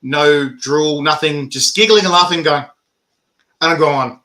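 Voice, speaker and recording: A man hosting a casual interview, animated, laughing often and swearing freely. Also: on the high side, unhurried. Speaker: host.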